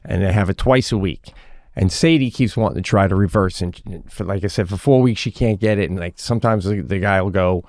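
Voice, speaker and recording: A middle-aged man co-hosting a podcast, telling a story in a casual, animated way and acting out the voices of the people in it. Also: low-pitched, brisk, no echo, clean studio sound. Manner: animated, acts out quoted voices. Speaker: podcast co-host.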